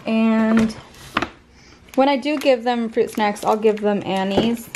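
A chatty young woman rambles through a casual shopping vlog, speaking into a handheld camera with a slightly high voice. Loud background noise runs under her talk the whole time. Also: slow. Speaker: vlogger. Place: in her car, then at home.

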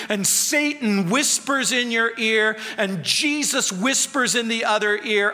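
A male pastor preaching a sermon, moving between quiet intimate tones and sharp lively questions. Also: sits high, unhurried, few pauses. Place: church sanctuary. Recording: church hall with long reverb.

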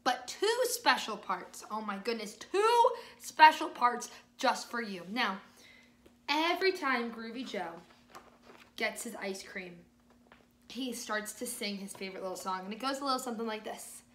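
A woman music teacher reading a picture book aloud to young children, slow and exaggerated, with encouraging praise, sung bits and shifts between whispers and loud parts. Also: on the high side, lively intonation, reverberant. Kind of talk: children's storytime read-aloud and music lesson.

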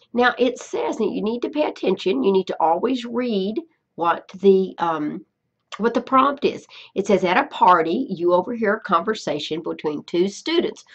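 Woman, Spanish teacher, screencast tutorial voice, lively pitch, husky, lo-fi mic. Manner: patient, repeats herself, checks in with "okay?".

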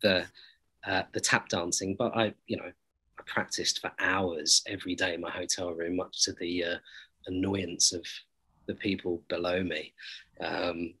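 A man's voice: deep voice, little pitch movement, unhurried, bright, forceful tone, slightly rough, low-quality recording. A man, an actor being interviewed, giving earnest, reflective answers full of hesitations and restarts. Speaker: actor interviewed about a series.

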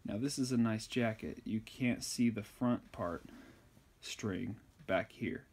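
A man's voice: on the low side, takes it slowly, a little mellow, a little hiss or hum. A man giving a crude, insulting, rambling comedic tutorial on sewing a button. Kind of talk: profane comedic tutorial rant.

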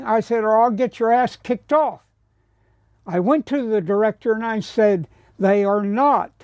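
A man from the United States, a painter, tells anecdotal stories in a high, mellow voice with no room sound. Along the way he acts out others' lines and at times speaks in a whisper.

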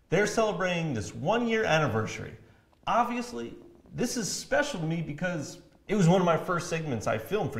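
Lively joking man co-hosting a live show. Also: on the high side, roomy sound. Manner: joking, animated, teasing. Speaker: co-host of a county TV live show. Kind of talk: casual live show chat.

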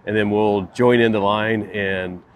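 A man's voice: lowish voice, steady tone, unhurried, a little hiss or hum. A man chatting casually in a vlog outdoors at a car event, easygoing and full of fillers. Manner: easygoing, uses lots of fillers like "like" and "uh". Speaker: vlogger.

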